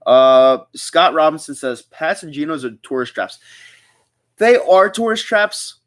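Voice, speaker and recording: A young man from the Philadelphia area hosts a casual livestream and chats loosely with his viewers. He rambles from comment to comment, reading each one aloud before he answers it. His voice sits at an ordinary middle pitch. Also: fairly bright tone. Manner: chatty, rambling, reads chat aloud. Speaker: livestream host.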